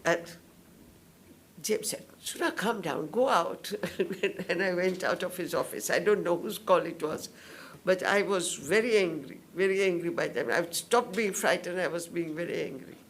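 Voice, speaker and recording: Gravelly-voiced older woman from India. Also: on the low side, slight background noise. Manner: slow, detailed storytelling that acts out others' words. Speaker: witness at a public hearing. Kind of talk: spoken testimony.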